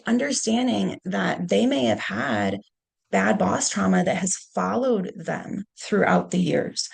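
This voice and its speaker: A middle-aged woman giving a leadership talk, telling stories from her career in a conversational way and often pausing on "okay". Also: medium pitch, gravelly, a little mellow, husky. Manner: conversational, punctuates points with "okay". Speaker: leadership speaker. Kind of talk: storytelling presentation.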